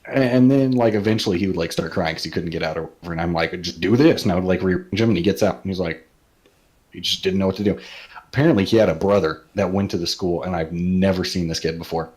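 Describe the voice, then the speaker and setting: A man's voice: low-pitched, quick pace, darkish tone. A young man from California telling school stories on a casual podcast, laid-back and hesitant with fillers. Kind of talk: casual storytelling chat.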